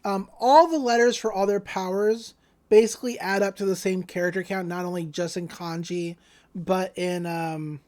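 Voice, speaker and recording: A woman's voice: on the low side, steady tone, normal speed, a little mellow. Chatty woman recapping an anime. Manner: retells anime scenes with lots of fillers and "she's like" quotes. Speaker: podcast co-host. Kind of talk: casual podcast recap.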